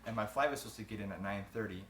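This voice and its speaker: A man's voice: lowish voice, racing, fairly bright tone, a little hiss or hum. Young man rambling in an echoey room. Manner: rambling, trailing off, laughing between thoughts. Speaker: groom answering interview questions. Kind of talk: casual interview. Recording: roomy echo.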